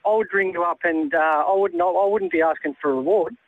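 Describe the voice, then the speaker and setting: A man's voice: high voice, fast talker, no echo. Indignant Australian man on a phone line. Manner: indignant, blunt, says mate constantly. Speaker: prank call target. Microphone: telephone. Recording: tinny phone line with faint noise.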